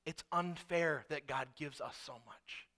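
Middle-aged preacher, bright tone, animated storyteller. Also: male voice, on the high side, a little slow. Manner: animated storytelling, acts out quotes. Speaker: pastor. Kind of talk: sermon.

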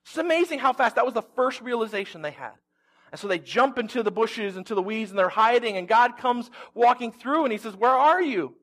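A high, light-voiced man preaches in a relaxed, conversational way. He tells the story with animation and drops in humorous asides as he goes. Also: brisk. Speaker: pastor. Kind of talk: conversational sermon.

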